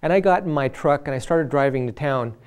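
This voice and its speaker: A man's voice: fairly high pitch, fairly quick, clean tone. A man sharing a personal faith testimony from the pulpit. He talks in an earnest, conversational way and slips into the voices of the people he quotes. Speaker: lay preacher.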